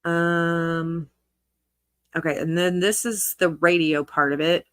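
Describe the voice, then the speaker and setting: A woman's voice: on the low side, fairly even intonation, slow pace, a bit bright, no echo. A woman commentary creator reading text messages aloud, with sarcastic asides between the quotes.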